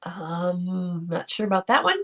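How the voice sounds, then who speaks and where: Middle-aged woman, livestream host, unhurried and gravelly, chatty and affectionate, dull home-stream sound. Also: on the low side, very animated, a bit bright. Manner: chatty, affectionate, reacts to viewer comments. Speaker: livestream host reading chat. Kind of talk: casual livestream chat.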